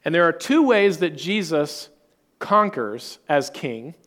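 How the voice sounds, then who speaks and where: A man's voice: a little high, big pitch swings, slow, fairly bright tone. A man preaching a sermon in an earnest teaching tone, reading and explaining scripture passages.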